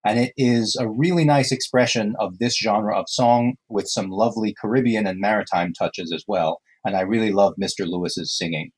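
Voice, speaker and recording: Husky, low-voiced male co-host. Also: steady tone, normal speed, hardly any pauses, poor audio. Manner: enthusiastic, explanatory. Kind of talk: casual podcast talk about folk songs.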